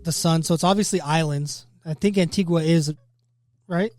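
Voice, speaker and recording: A man's voice: a little high, normal speed, a little mellow, dry recording. A young man hosting a casual podcast, joking loosely and reading facts aloud. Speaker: podcast host. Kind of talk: casual chat.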